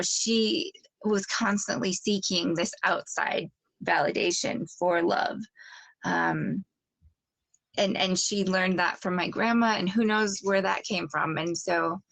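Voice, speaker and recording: A woman's voice: medium pitch, gravelly, fairly bright tone, dry recording. A woman in casual, reflective chat who hesitates and restarts her sentences often.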